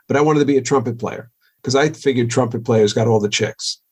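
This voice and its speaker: Fast but steady, this man's voice sits at medium pitch with a darkish tone and a breathy edge. He's a rock drummer from Long Island, New York, guesting on a podcast for a casual chat full of jokes, stories, and easy laughter.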